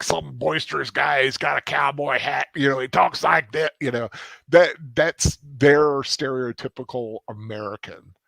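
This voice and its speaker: A man with a faint Southern Maryland accent talks loosely through a film commentary, circling back and restarting his thoughts. His voice sits at an ordinary middle pitch. The sound is close and dry, with no room around it. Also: vocal fry, a bit bright, dry recording. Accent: mild Southern Maryland. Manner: rambling, stops and restarts, laughs at himself. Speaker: host. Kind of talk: casual film commentary chat.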